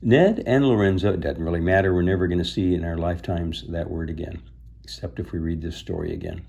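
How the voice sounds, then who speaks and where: A man's voice: deep voice, fast, a little mellow, muffled recording. A man reading a children's book aloud, stopping to chat and explain things to young listeners. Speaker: storybook reader.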